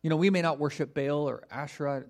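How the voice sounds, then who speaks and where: A man's voice: fairly high pitch, quick pace. A male pastor preaching a sermon, reading scripture and mocking the false prophets with humorous asides.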